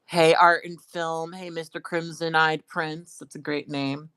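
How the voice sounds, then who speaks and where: Casting note: playful, rambling woman host, lower voice, dry close sound. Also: flat delivery, unhurried, fairly bright tone, clear, resonant tone, no echo. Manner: rambling and playful, many fillers and restarts. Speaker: podcast host. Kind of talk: casual live-stream chat.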